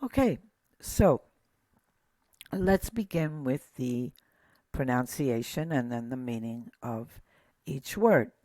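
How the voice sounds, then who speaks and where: A teacher giving a slow, methodical lesson, pointing things out one by one with patient pauses. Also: medium pitch, animated, a little mellow, dry recording. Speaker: Hebrew teacher.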